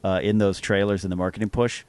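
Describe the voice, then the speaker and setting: Podcast guest, man, lively anecdotes, dry close sound. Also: fairly low pitch, fast, dry recording. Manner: animated storyteller acting out quoted people. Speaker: guest author. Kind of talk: podcast conversation.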